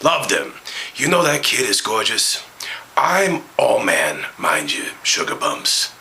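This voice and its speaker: In a comedic impression, a man voices a crude, flirtatious aging male movie star, fully in character with a gravelly, medium-pitched voice that lurches between whispers and shouted outbursts. The audio quality is poor.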